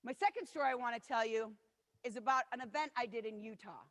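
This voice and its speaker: Long reverb from the hall surrounds a fairly high, bright voice moving at a quick pace. The speaker, a woman in her forties, tells earnest personal stories in a motivational keynote, performing other people's quotes.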